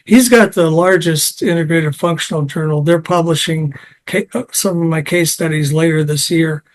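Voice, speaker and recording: A man's voice: a little high, normal speed. A man being interviewed as a health science expert, talking in a digressive way and mixing anecdotes with technical detail. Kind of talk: conversational interview.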